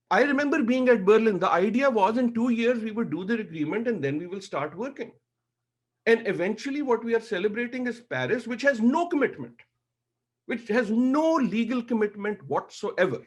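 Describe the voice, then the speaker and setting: A man's voice: very high-pitched, slightly rough. A middle-aged man giving impassioned panel remarks, emotional and emphatic, hammering points through repetition.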